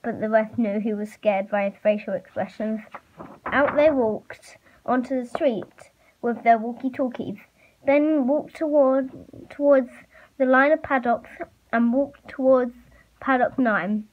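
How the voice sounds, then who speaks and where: A woman reading a fan story aloud, halting and stumbling with fillers. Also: on the high side. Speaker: reader. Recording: muffled lo-fi recording.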